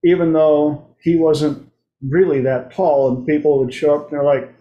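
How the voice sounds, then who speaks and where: A man's voice: on the high side, fairly even intonation, moderate pace, lo-fi sound. A man hosting his own talk show, speaking in a loose, playful monologue and acting out quoted voices now and then. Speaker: host. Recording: roomy echo.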